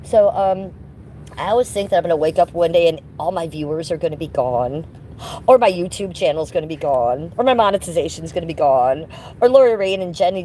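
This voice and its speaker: Woman streamer, low-ish voice, casual rambling chat to viewers, occasional smoker's cough, phone mic outdoors, faint traffic behind. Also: warm tone. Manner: chatty, rambling, talks to her chat by name. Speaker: live streamer. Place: outdoors, walking around.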